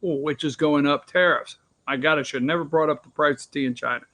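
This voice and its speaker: Man, talk show host, opinionated rant, sarcastic, rambling, high-pitched. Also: steady tone, fast, a bit bright. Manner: ranting, sarcastic, rambling asides.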